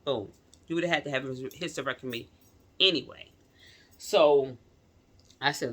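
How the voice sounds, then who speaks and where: A woman casually telling her viewers a personal story in slangy speech, swinging from loud outrage to quiet pleading. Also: deep voice, normal speed, pauses often. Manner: slangy, addresses viewers as y'all.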